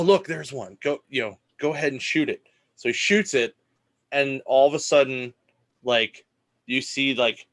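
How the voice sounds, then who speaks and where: Man, podcast co-host, easygoing and rambling, mid pitch. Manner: rambling, relaxed, restarts a lot. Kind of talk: casual chat.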